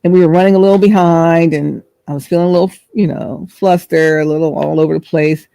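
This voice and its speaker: A woman's voice: sits low, fairly even intonation, a little fast, creaky, mellow, no room sound. A middle-aged woman hosting a vlog, telling a chatty, rambling story and searching for words as she goes. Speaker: host.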